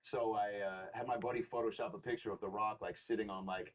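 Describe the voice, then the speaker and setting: Man, comedian guest, slightly low voice, rambling, profane, animated storytelling. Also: a little fast. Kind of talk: casual interview storytelling.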